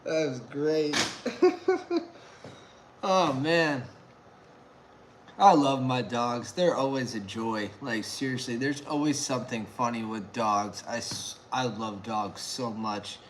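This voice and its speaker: Slow-talking laughing guy at home. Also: mid-range voice, slight background noise. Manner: laughs often, excitable, rambling. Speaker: beer review vlogger. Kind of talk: casual live-stream chat.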